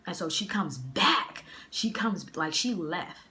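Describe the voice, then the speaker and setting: Deep-voiced young woman telling a story. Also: slow pace. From Boston area. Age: young adult. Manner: animated, slangy, acts out the dialogue. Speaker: vlogger. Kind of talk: casual storytime. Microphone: phone mic.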